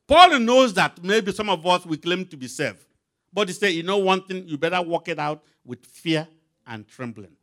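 Lively, high-pitched male preacher. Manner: emphatic, rising and falling delivery with pauses; calls out scripture references for a reader. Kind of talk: sermon.

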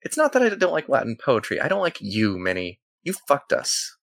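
A man voicing a wary, hostile florist woman who is quick to swear and threaten. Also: medium pitch, animated, fairly bright tone, no room sound. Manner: suspicious, curt, swearing.

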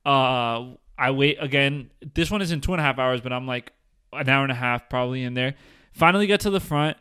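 Smooth-voiced young New man. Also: medium pitch, fairly quick, pushed and bright. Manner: frank, profane, exasperated storytelling. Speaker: podcast co-host. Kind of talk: casual chat, storytelling.

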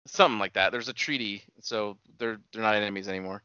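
A man's voice: lowish voice, fairly even intonation, quick pace, pushed and bright, clean tone, dry recording, dull audio. A man in casual chat, explaining a TV series' background with hedging asides. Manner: knowledgeable fan, explains lore with hedging asides.

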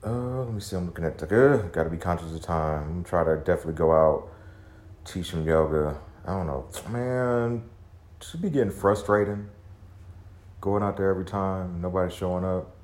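Speaking low and a little fast with a somewhat mellow quality, a man hosts a solo confessional podcast from home. He rambles introspectively, curses freely, and trails off with sighs, recorded with a roomy echo and a faint hum in the background.

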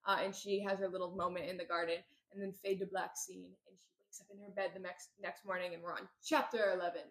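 A woman's voice: on the low side, flat delivery, fast. Woman recapping a book, chatty. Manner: recaps plot in a chatty, joking way. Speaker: podcast co-host. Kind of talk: casual book-club chat.

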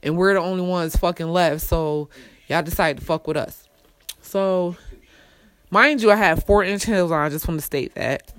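A young adult woman telling a personal story in a casual rant, blunt and full of swearing, dropping to low mutters and rising to loud outbursts. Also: moderate pace, no echo. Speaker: storyteller vlogger.

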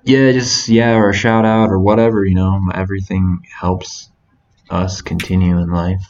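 A man's voice: deep voice, flat delivery, moderate pace, darkish tone. A man co-hosting a casual podcast, talking in a rambling, laid-back way with lots of fillers. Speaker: podcast co-host. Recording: dull lo-fi podcast audio.

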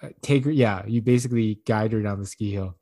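A man chatting casually on a podcast, telling a long, rambling, profane story, laughing often and acting out quotes in a higher voice. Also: brisk, mellow.

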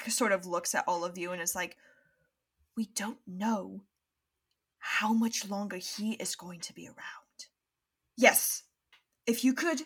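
A woman's voice: fairly high pitch, sharp tone, heavily acted. A woman playing a breathless, frazzled wizard professor. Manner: urgent, pleading.

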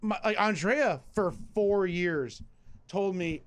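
A man's voice: sits high, a little slow, clean tone. A man co-hosting a casual beer-tasting podcast, telling crude stories with plenty of swearing and laughter. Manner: animated, profane, laughing storyteller. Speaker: podcast co-host. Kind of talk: casual chat over beers.

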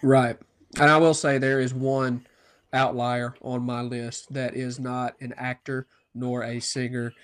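A man's voice: medium pitch, flat delivery, unhurried, a bit bright. A man co-hosting a podcast in casual chat, upbeat and explaining things at length. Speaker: podcast co-host.

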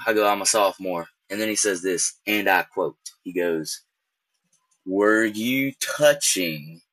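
A man's voice: on the low side, no echo. A young man telling a rambling, casual story, acting out each exchange as he goes. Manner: rambling, animated, acts out quoted exchanges. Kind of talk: casual anecdote.

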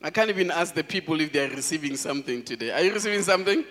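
A man, a pastor, preaching a sermon in an animated way, laughing often and calling out to his congregation. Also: a little high, rapid-fire, big-room sound, slight background noise.

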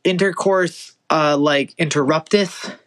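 A man's voice: a little high, slow, a bit bright. A young man hosting a podcast, chatting casually, rambling with lots of fillers and swearing. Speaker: podcast host. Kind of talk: casual profane chat.

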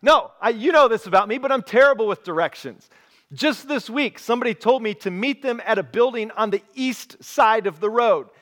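A male pastor delivering a sermon in a fairly high voice. He tells the story with lots of energy and acts out the characters' lines as he goes. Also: moderate pace, fairly bright tone.

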